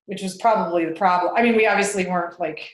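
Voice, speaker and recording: On a relaxed interview podcast, a guest in her forties talks at a quick pace in a lowish voice. Her speech is hesitant and full of fillers, she laughs often, and the room echoes noticeably.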